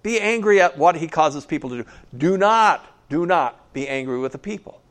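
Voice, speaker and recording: A man's voice: a little high, expressive, normal speed. A man preaching a sermon in a conversational way, often checking in with "okay?" and adding wry asides. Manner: conversational, keeps asking "okay?". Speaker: pastor.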